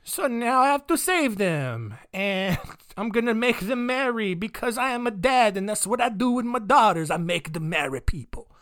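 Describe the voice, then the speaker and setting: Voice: medium pitch, expressive, moderate pace, a bit bright, voice pushed up, lightly acted. A podcaster voicing a pompous, bossy middle-aged prince father with a mock foreign accent, drawn out.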